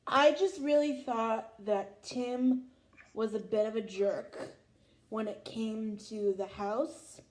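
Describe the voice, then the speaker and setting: Gushing young woman with a mellow voice. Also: on the high side, fairly even intonation, slow. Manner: gushing, emotional, lots of "oh my God". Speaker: vlog host. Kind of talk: casual fan reaction chat.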